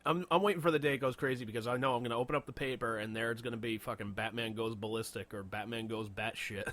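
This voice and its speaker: A man's voice: mid-range voice, steady tone, fast, a bit bright. A man co-hosting a casual comedy podcast, laughing often and swearing freely as he riffs. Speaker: podcast co-host. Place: Boston area.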